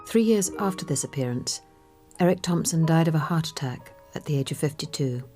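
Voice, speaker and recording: A woman narrating a documentary in a measured way. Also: low voice, expressive, mellow, faint music behind.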